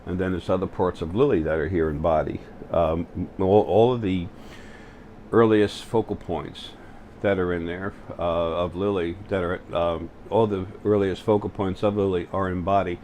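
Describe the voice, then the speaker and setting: A man hosting his own spiritual video channel, talking to the camera in a halting way, full of fillers and restarts. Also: deep voice, fairly even intonation, darkish tone, a little hiss or hum. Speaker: channel host. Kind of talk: spiritual vlog monologue. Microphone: facing the camera.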